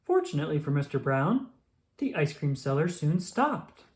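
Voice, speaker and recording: A woman reading a children's picture book aloud, expressive and slow. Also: deep voice. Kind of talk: storybook read-aloud.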